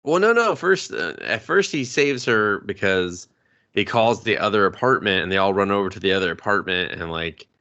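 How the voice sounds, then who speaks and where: Gravelly, animated young man joking about a movie. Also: lowish voice, normal speed, dull audio. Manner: profane, jokey, acts out characters in mock voices. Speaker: podcast co-host. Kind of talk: casual movie review banter.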